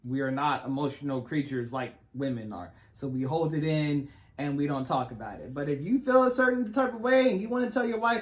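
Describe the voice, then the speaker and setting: A man co-hosting a faith-based podcast with his wife, giving relaxed, folksy advice to married men. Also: on the high side, a little fast. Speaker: podcast co-host. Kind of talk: faith-based casual chat.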